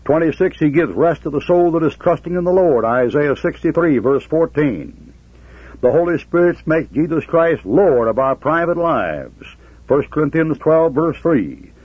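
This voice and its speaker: A man's voice: a little high, animated, normal speed, slightly rough, no echo. A man preaching a sermon with a sarcastic, folksy storytelling manner. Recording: tinny phone-like, dry.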